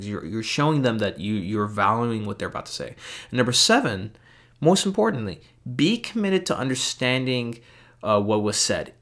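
A man delivers practical advice in an informal talk, moving through a numbered list of tips. His delivery is loose and conversational, dotted with "you know" and quick self-corrections, and he stresses the points that matter most. His voice sits at an ordinary middle pitch. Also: fairly bright tone. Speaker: speaker giving communication advice.

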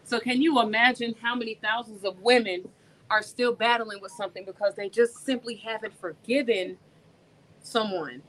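A woman telling her own story on a video call from home, animated and addressing her listeners as y'all. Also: fairly high pitch, moderate pace, a little hiss or hum, rough recording. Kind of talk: casual testimony to an online audience.

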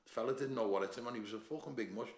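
A middle-aged man with a broad Scouse accent rattles through his stories, swearing freely and laughing as he goes. His voice has a gravelly edge to it. The sound carries the echo of a roomy space. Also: medium pitch, rapid-fire, darkish tone. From Liverpool, England. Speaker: bodybuilder and gym owner, guest. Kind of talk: casual storytelling chat.

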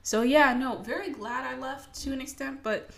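A woman's voice: high voice, moderate pace, creaky, a bit bright. Profane, ranting young woman. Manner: profane, dramatic, self-mocking ranting. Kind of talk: casual rant to camera.

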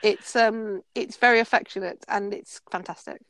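A woman's voice: mid-range voice, fairly even intonation, moderate pace, a bit bright, no room sound. A woman co-hosting a podcast in casual chat, enthusiastic and playful, often laughing. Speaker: podcast co-host.

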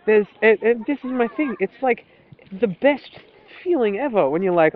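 A young man with a slightly high voice, talking in a loose, rambling monologue full of swearing and laughs. His audio sounds thin and tinny, like it came through a phone line. He talks animatedly, with plenty of fillers and restarts. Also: animated, normal speed. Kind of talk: casual solo monologue.

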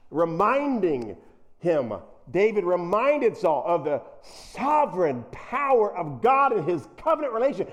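A male preacher with a fairly high voice that leaps up and down as he teaches. He is animated and acts out the people in the story he tells. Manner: animated, acts out characters in quotes. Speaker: pastor. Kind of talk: sermon.

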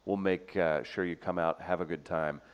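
A man's voice: deep voice, steady tone, moderate pace, clear, resonant tone, lo-fi sound. A man hosting a live radio show, joking around in casual banter with his co-hosts. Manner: joking, laughs often, playful.

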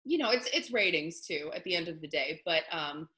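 A woman's voice: on the low side, expressive, brisk, bright, forceful tone. A young woman, a country singer, chatting casually in an interview with lots of fillers. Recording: echoey room.

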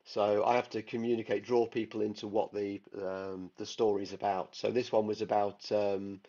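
A man's voice: fairly low pitch, level tone, normal speed, mellow, dull audio. A man, a guest artist chatting enthusiastically in an interview, rambling with lots of fillers. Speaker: guest illustrator. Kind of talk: casual interview chat.

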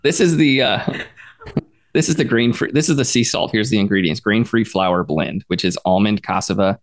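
A man's voice: lowish voice, moderate pace. A man co-hosting a podcast, chatting casually and telling rambling stories. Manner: rambling storyteller, reads labels aloud. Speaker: podcast co-host. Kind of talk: casual chat.

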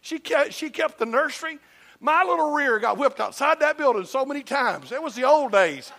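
A man's voice: very high voice, expressive, normal speed, gravelly, bright, forceful tone. An older man from Georgia with a Southern accent, preaching a sermon in a folksy, emphatic storytelling manner with humor. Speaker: pastor.

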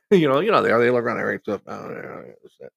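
A man's voice: medium pitch, big pitch swings, fast, creaky, breathy edge, no room sound. A man telling a rambling hospital anecdote in a casual way, with many restarts. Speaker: storyteller.

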